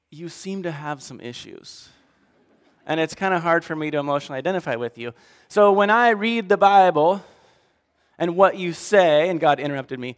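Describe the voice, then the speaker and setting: A man preaching a conversational sermon, talking straight to God and reading scripture aloud with big swings between loud and soft. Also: on the high side, big-room sound. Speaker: pastor.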